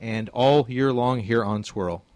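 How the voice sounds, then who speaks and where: A man hosting a radio show from the studio, chatting casually with a guest, excitable and chuckling often. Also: medium pitch, measured pace, loud music behind the voice. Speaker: radio host.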